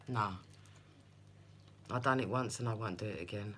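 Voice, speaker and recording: A woman's voice: a bass voice, normal speed, fairly bright tone, a little hiss or hum. Chatty woman reading tarot. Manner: chatty, laughing storyteller who speaks to viewers by name. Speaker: tarot reader. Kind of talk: live-stream tarot chat.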